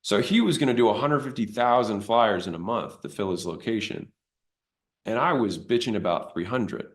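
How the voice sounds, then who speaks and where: A man telling a story about his business in a casual, blunt way, swearing now and then. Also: medium pitch. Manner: blunt, conversational, with occasional swearing; animated retelling of his own past.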